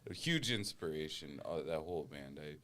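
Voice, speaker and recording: A man co-hosting a podcast, talking in casual chat with enthusiastic, halting speech. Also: extremely low pitch, animated, a crowd in the background. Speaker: podcast co-host.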